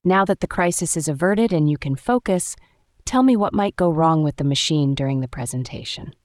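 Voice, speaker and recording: A woman's voice: sits low, animated, a little fast, darkish tone, no echo, clean studio sound. A woman voicing a strict young professional woman who speaks in a formal, clipped way, in a read-aloud story. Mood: stern.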